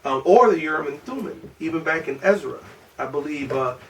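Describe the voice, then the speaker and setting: A man's voice: fairly high pitch, animated, brisk. A man teaching an informal class, talking in a loose, rambling way with many restarts, picked up by a camera across the room. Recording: distant from the mic, faint room noise.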